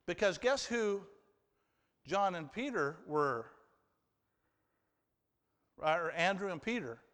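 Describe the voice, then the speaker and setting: A male pastor delivers a sermon, chatting with his listeners and asking them questions. His voice sits a bit high. The hall around him adds a long, trailing reverb. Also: lively intonation, slow pace, fairly bright tone. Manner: conversational, asks the congregation questions, acts out quotes. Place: church hall with an audience.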